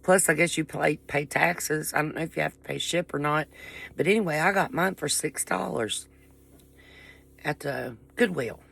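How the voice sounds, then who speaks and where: Gravelly Appalachian woman rambling folksy. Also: low voice, moderate pace, fairly bright tone. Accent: Southern Appalachian. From Appalachian coal country, US. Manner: rambling, folksy, interrupts herself. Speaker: vlogger. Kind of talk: casual rambling chat to camera.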